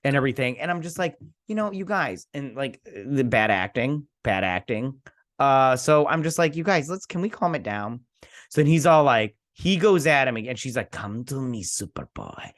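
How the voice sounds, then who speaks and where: A man's voice: fairly low pitch, dry recording, studio quality. A man hosting a review channel, casually recapping an episode in a rambling way and quoting characters' lines as he goes. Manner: rambling, retells scenes with quoted lines; frequent fillers and restarts.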